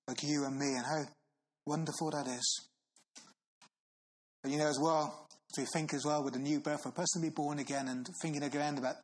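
A man preaching a sermon, earnest, asking listeners questions and slowing for solemn Bible readings. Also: a little high, slightly rough, rough recording. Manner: earnest, asks the listener questions with tag phrases.

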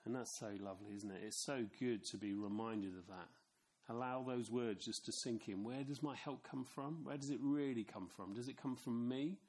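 Conversational middle-aged male preacher. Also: mid-range voice. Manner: conversational, anecdotal, with asides to the congregation. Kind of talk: sermon.

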